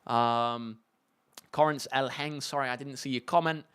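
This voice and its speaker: A man's voice: medium pitch, unhurried, smooth. Chatty young British man, tutor livestream. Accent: British English. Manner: relaxed, chatty, many fillers and restarts. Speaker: maths tutor. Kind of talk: casual livestream Q&A.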